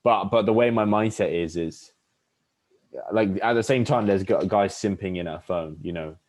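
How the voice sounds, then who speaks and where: Speaking at a moderate pace in a lowish, darkish voice, a young adult podcast host chats casually. His talk rambles, full of fillers and restarts, and he acts out pickup lines.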